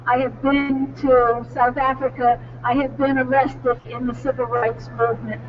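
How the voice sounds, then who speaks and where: A woman's voice: high voice, little pitch movement, normal speed. Older woman speaking up at a press event, earnest and emphatic, thin phone-like sound. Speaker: speaker at a church press conference. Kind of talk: impromptu public statement. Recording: distant tinny recording with faint noise.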